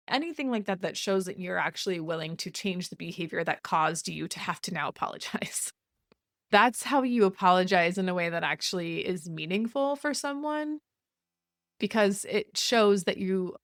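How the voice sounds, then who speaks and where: A woman's voice: lowish voice, moderate pace, dry recording, studio quality. A woman hosting a podcast, talking frankly in a casual advice monologue, often laughing and acting out example apologies in quotes. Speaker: podcast host.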